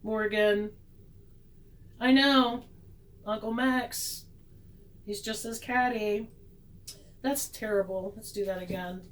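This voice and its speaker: A woman's voice: mid-range voice, fairly even intonation, slow pace, pauses often, poor audio. A woman vlogging a tarot reading in a casual, sarcastic, self-mocking way, laughing often.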